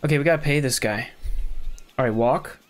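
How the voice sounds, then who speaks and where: A young man giving excited let's-play commentary as a gaming streamer, reacting loudly to what he sees. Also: mid-range voice, a little fast.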